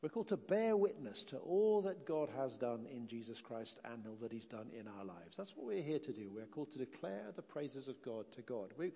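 A man's voice: medium pitch, big pitch swings, moderate pace, vocal fry, few pauses, mellow, breathy edge. A man from England preaching a sermon in a conversational way, asking the congregation questions. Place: church. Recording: long reverb of a church.

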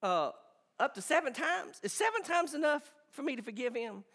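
A preacher putting on a stammering southern Peter. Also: male voice, extremely high pitch, very animated, normal speed, a bit bright, big-room sound, pitched above the performer's own voice, full character voice. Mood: pleading. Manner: stammering, pleading questions. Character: Peter, earnest fumbling man with a southern twang.

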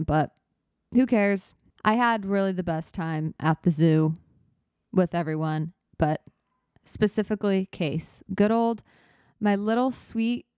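Young woman podcast host, low voice, dry close mic; rambling, self-correcting storyteller. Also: moderate pace, a little mellow, dry recording. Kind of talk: casual solo chat.

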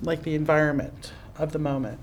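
A woman host explaining ideas casually to a live audience in a conference room. She talks in a chatty way and acts out inner voices with lively jumps in pitch. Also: brisk, a little hiss or hum. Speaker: podcast host and psychic teacher.

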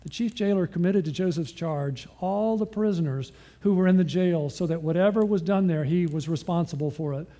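Bright-toned man preaching with questions. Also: sits high, fairly quick, few pauses. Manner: asks the listeners questions and answers them. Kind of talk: sermon with rhetorical questions.

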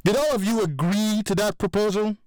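A man voicing a furious middle-aged crime boss, talking loud and sarcastic as he accuses his crew. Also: on the high side, lively intonation, unhurried, dry recording, studio quality, pitched above the performer's own voice. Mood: angry. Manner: angry, raised and sarcastic.

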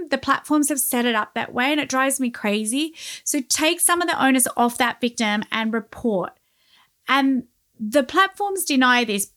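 A woman's voice: fairly high pitch, fairly bright tone. Emphatic woman journalist from Australia. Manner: earnest, emphatic advice-giving. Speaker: guest journalist. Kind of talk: remote interview.

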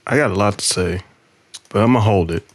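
A man hosting a podcast, talking casually and halting with frequent fillers as he sets up songs. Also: lowish voice. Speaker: podcast host. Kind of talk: casual commentary.

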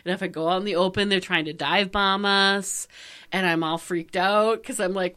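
A woman's voice: medium pitch, moderate pace, bright, forceful tone, clear, resonant tone. A woman chatting casually and telling a story with lots of energy. She laughs often and acts out the voices in it. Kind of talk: casual chat.

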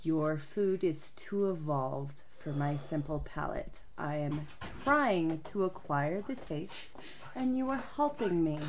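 Slow, low-voiced woman player. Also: lively intonation, a little hiss or hum. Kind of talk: casual tabletop game banter.

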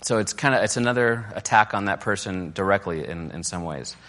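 A man delivers a casual, conversational sermon on marriage, full of fillers and restarts, sometimes mimicking quoted criticism in a raised, mocking voice. His voice is on the low side and fairly bright, a little fast, recorded with long hall reverb.

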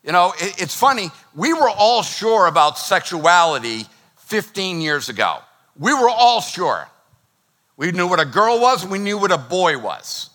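A middle-aged man preaching a sermon as pastor, lively and acting out the voices he quotes. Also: sits high, a little slow. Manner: animated, acts out quoted voices.

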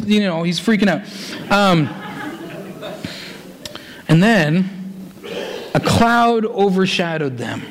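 A man delivering a sermon in a fairly high voice. He reads scripture aloud and runs quick asides into slow, weighty phrases. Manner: animated, switches between fast asides and slow, stressed phrases. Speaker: preacher.

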